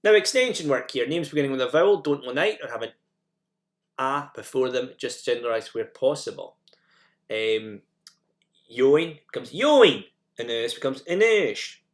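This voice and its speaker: A man's voice: medium pitch, animated, normal speed. A man narrating a recorded language lesson, explaining each step and repeating example phrases for learners to copy. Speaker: teacher.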